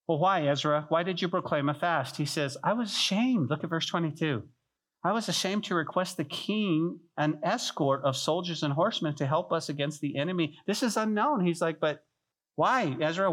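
A man preaching a sermon as pastor, telling stories with lively acted-out voices and dropping to a soft hush on key points. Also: fairly high pitch. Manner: animated storytelling, acting out biblical figures in voices; drops to soft, quiet delivery on key points.

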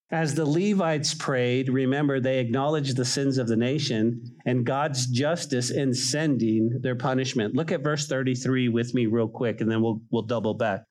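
A man's voice: mid-range voice, low-quality recording. A man preaching a sermon as a pastor, conversational and emphatic, repeating key phrases.

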